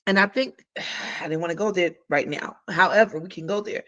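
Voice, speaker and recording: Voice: medium pitch, normal speed, a bit bright. A livestream host giving heartfelt advice in a casual, emphatic way, talking straight to viewers with colloquial slang. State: voice cracking.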